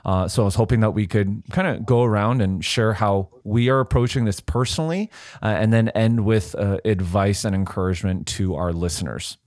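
A man hosting a podcast, steering the conversation in a steady, organized way. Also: fairly low pitch, a little fast, no room sound, studio quality. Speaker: podcast host. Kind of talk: casual chat.

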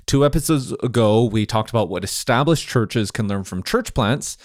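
A man hosting a podcast on church leadership, chatty and quick to laugh, often restarting his sentences. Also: medium pitch, expressive, no echo, studio quality. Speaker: podcast host. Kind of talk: casual podcast discussion.

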